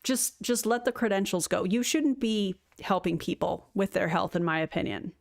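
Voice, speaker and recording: A woman's voice: mid-range voice, steady tone, gravelly. A woman streamer giving sarcastic live commentary on a recruitment call. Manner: sarcastic, quick asides.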